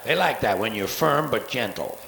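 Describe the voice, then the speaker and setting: A man's voice: medium pitch, animated, normal speed, creaky, roomy sound, noisy background. A man in his forties doing a profane, sarcastic stand-up routine on a live theater stage, recorded from the soundboard. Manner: profane, sarcastic, acts out cat voices. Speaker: stand-up comedian.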